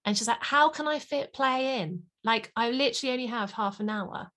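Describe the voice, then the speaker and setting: A woman's voice: fairly high pitch, moderate pace, fairly bright tone. A woman, a play and parenting consultant, talking animatedly in an interview and acting out parents and children. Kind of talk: podcast interview.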